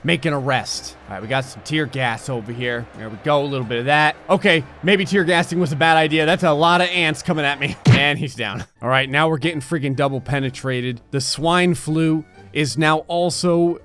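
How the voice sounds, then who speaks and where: A man's voice: a little high, a little fast, fairly bright tone, soft background music. Sarcastic young man commentating a game. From New Jersey. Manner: sarcastic, joking, laughs often. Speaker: gameplay commentator. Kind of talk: casual gameplay commentary.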